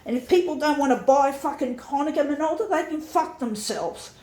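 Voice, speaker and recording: A woman's voice: high voice, animated, a little fast, a little mellow, low-quality recording. A woman vlogger ranting to her camera, swearing, sighing and exasperated, recorded on a camera mic indoors beside an office copier. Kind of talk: angry rant to camera. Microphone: camera mic, set down nearby.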